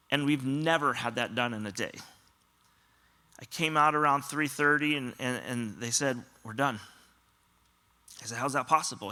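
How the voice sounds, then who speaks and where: A man's voice: fairly high pitch, pushed and bright. A man pastor giving a sermon, telling stories earnestly and often quoting other people. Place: church auditorium.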